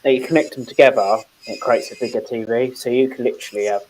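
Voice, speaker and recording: A British man chatting casually as a guest on a livestream, talking in halting bursts. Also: mid-range voice, steady tone, a little mellow, slight background noise, rough recording. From Britain. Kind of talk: casual chat.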